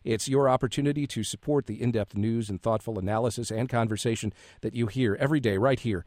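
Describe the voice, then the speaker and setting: Male public radio host, mid pitch, steady reads, dry close studio sound. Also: no echo. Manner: measured, reads numbers slowly.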